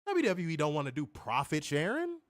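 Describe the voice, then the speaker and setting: Fired-up man ranting, high lively voice. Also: brisk. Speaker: wrestling podcast co-host. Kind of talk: casual heated commentary.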